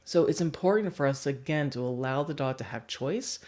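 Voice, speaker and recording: A woman's voice: very deep voice, animated, moderate pace, darkish tone. A woman dog trainer giving a chatty livestream teaching talk and laughing often.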